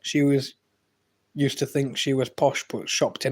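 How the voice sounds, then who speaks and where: A slightly high-voiced English man running a live stream. He chats loosely with his viewers, reading out their comments and bantering back. Now and then he breaks into sudden loud exclamations. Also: expressive, normal speed. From England. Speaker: livestream host.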